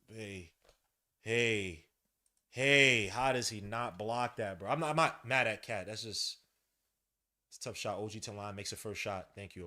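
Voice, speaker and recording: A man hosting a casual live watch-along of a basketball game, slangy and swearing, shouting at big plays and muttering at bad ones. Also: fairly low pitch. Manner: excitable, swings from loud hype to muttered grumbling. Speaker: podcast host. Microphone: headset mic.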